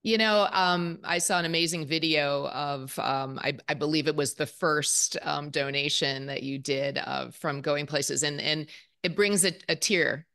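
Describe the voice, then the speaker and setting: A woman's voice: low-pitched, a little slow, fairly bright tone. A woman podcast host asking curious, chatty questions, with frequent ums and restarts. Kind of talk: casual interview questions.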